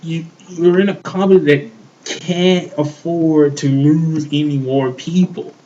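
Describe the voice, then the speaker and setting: A man's voice: on the high side, steady tone, slow, mellow, muffled recording, a little hiss or hum. A man co-hosting a show, ranting in heated casual chat, swearing often and repeating himself. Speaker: podcast co-host.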